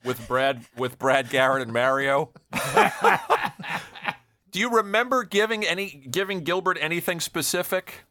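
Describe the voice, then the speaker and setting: Brief: male co-host, bright forward voice, big swinging intonation, loud whooping laughs. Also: fairly high pitch, animated, a little slow, long pauses, no echo. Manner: enthusiastic, laughs loudly, asks questions. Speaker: podcast co-host. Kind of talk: casual interview chat.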